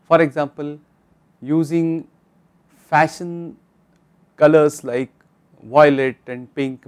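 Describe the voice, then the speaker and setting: Speaking with an Indian English accent and a slightly high voice, a man delivers a recorded online course lecture. He is instructive and addresses viewers directly.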